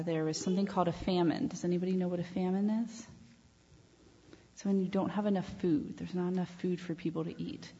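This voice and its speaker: A woman leading a children's time in church, asking the children questions and telling them a story in a gentle way. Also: lowish voice, breathy edge. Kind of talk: children's sermon. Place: church sanctuary. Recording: echoey church hall, dull lo-fi sound.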